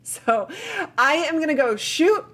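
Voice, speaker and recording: A woman with a fairly high voice hosts a casual live Q&A stream. She sounds tired yet stays chatty and upbeat, laughing often and drifting into fillers as she talks. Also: animated, a little slow, fairly bright tone. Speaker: livestream host.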